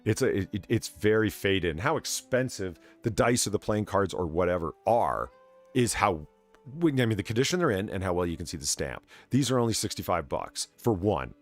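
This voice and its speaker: A man's voice: on the low side, big pitch swings, fairly quick, faint music behind. An American man hosting a casual podcast, reading news items aloud, swearing and laughing. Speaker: podcast host. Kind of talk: casual chat.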